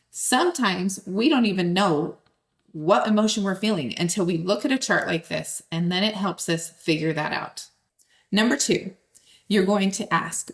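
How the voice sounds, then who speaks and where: A woman, possibly in her thirties, calmly teaching step-by-step steps and speaking straight to the listener. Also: fairly low pitch, creaky. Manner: calm, direct, speaks to the listener. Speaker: host.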